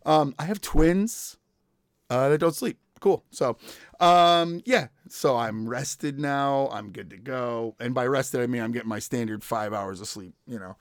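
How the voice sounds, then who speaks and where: A man's voice: medium pitch, a little slow, dry recording, studio quality. A man in his thirties hosting a podcast, telling stories in casual chat, laughing often and acting out quoted voices. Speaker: podcast host.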